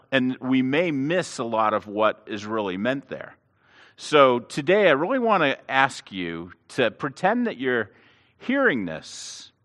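Preacher, lively sermon storyteller, swooping intonation, bright tone. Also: male voice, mid-range voice. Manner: animated storytelling with restarts. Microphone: clip-on lapel mic. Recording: long hall reverb.

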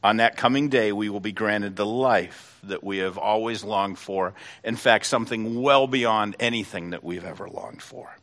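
A middle-aged man preaching a sermon as pastor, fervent and building to loud emotional peaks, then praying. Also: lowish voice, a little slow, few pauses.

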